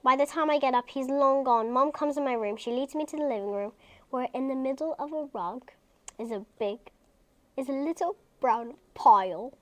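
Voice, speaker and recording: High-voiced woman reading a storybook aloud. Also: normal speed. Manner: chatty, breaks off into casual asides. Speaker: reader of a children's book. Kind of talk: reading a children's book aloud.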